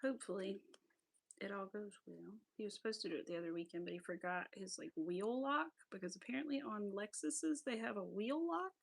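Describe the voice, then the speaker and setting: Chatty woman with a gravelly edge. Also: mid-range voice, fairly quick. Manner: chatty, laughs often, drops to a whisper while counting stitches. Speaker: craft livestream host. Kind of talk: casual chat while crocheting.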